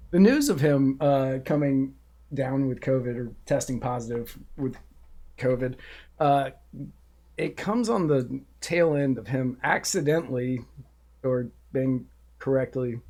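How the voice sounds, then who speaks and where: A man's voice: mid-range voice, a little mellow. A man co-hosting a podcast, chatting casually about the news and laughing often. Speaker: podcast co-host. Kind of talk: casual political banter.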